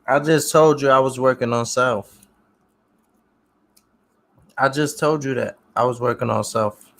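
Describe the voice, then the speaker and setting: A man hosting a casual livestream, answering viewer comments in relaxed street slang and often repeating his phrases. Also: mid-range voice, a little slow, gravelly. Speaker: livestream host reading comments.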